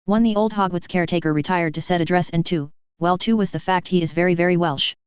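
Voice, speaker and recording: A narrator reads a fan fiction story in a very smooth, resonant voice at a steady, even pace. The recording is dry and slightly muffled, with no room sound around the voice. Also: mid-range voice, quick pace, dry recording.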